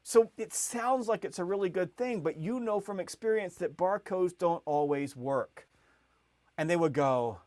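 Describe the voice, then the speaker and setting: A middle-aged man, a sales expert guest in a podcast interview, telling stories with growing energy and many quick restarts. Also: dry recording. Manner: lively, rising pitch and volume as the story builds, frequent restarts. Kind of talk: animated storytelling in a podcast interview.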